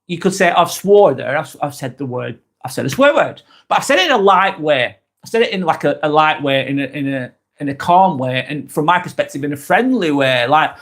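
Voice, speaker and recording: A man with a somewhat high voice talks through a motivational livestream in an unscripted, casual way. He circles back on himself, repeating single words and short phrases to press a point home. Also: expressive, normal speed, a bit bright.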